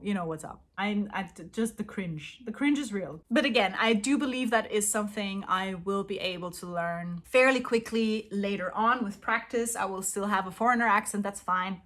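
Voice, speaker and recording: A woman's voice: medium pitch, fairly bright tone. A young woman with an accent that mixes British and Canadian English, chatting casually as a language-learning vlogger and drifting off on tangents. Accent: mix of British and Canadian English. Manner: rambling, tangent-prone, chatty. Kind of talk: casual chat.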